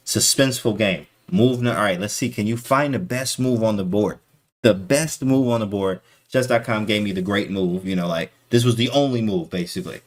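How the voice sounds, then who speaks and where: A man reviewing his own chess game in an excitable casual way, full of slang, repeated phrases and sudden exclamations. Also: fairly low pitch.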